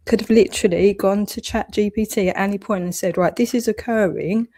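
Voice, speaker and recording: A woman's voice: medium pitch, a little fast, hardly any pauses, dark tone. A woman delivering an angry, heavily sworn monologue rant, accusing and scolding. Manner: heavy swearing, accusatory, rising anger.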